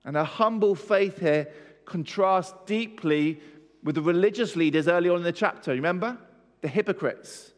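A man delivers a sermon with a fairly high voice, his words ringing through a long hall reverb. He drives each point home with rhetorical questions and emphatic repetition. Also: moderate pace. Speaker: preacher.

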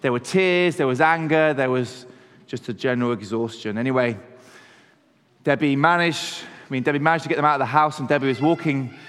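Male pastor, mid-pitched, conversational sermon with slowed emphasis, long reverb tail. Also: fairly bright tone, clear, resonant tone.

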